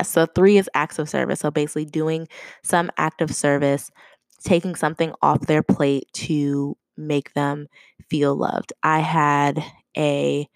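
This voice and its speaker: A woman's voice: deep voice, creaky, dry recording. A young woman hosting a podcast, talking chattily in a casual, conversational way and laughing often. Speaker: podcast host. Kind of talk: casual solo podcast talk.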